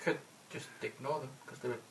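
A player in a tabletop game, lively and questioning. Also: mid-range voice, brisk, recorded from a distance, slight background noise. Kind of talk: casual tabletop play.

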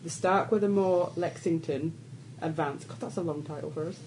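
Woman, stand-in game master, low-ish voice, casual teasing read, faint home hiss. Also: moderate pace, darkish tone, poor audio. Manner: casual, teasing, laughs while reading. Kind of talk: reading out a tabletop game scenario.

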